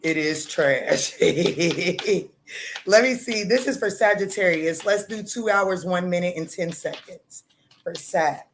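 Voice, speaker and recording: A woman's voice: takes it slowly, a little hiss or hum. Bold, profane woman tarot host. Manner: loud, bold and profane, laughing often, with sudden jumps in pitch. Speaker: tarot reader livestream host. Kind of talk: casual livestream chat.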